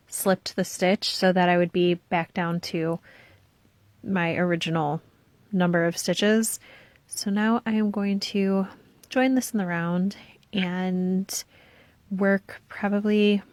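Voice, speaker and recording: A woman's voice: medium pitch, no echo. A young woman chatting casually as she knits for her vlog, rambling on with asides and frequent "um"s. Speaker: knitting vlogger. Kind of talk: casual knitting vlog chat.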